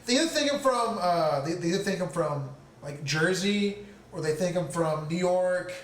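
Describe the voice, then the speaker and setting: High-voiced rambling young man, echoey room. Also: lively intonation, moderate pace. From Oklahoma, USA. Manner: rambling, lots of restarts and likes. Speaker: podcast host. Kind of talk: casual chat. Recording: echoey room, mic at a distance, faint noise.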